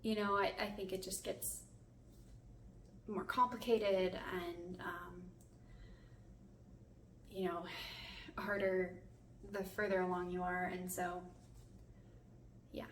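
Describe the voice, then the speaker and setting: A woman's voice: on the low side, little pitch movement, slow, pauses often, slight background noise. A young woman talking casually to camera for her family vlog, hesitant with many fillers, holding back tears. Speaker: family vlogger. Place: home bathroom. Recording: echoey bathroom, mic at a distance.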